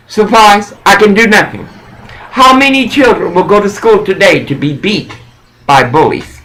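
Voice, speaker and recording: A man giving a rambling, preachy monologue in an intense, halting way that circles back and repeats phrases. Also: high-pitched, sing-song, a bit bright, poor audio.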